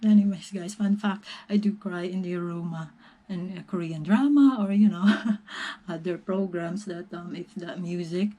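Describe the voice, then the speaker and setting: A young woman chatting casually in a reaction vlog, soft-spoken and emotional, giggling often between filler-heavy phrases. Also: fairly low pitch, normal speed. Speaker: reaction vlogger.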